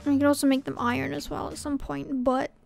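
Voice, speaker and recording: A woman's voice: high voice, flat delivery, a little fast, vocal fry, darkish tone, faint music behind. A woman from Scotland commentating her gameplay casually, muttering to herself and often dropping to a whisper. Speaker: gaming channel host.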